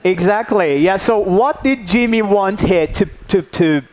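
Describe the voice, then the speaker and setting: A man's voice: high-pitched, unhurried, darkish tone. A man leading a teacher workshop, coaxing the audience and checking in with "yeah?" after nearly every point. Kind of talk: interactive workshop talk.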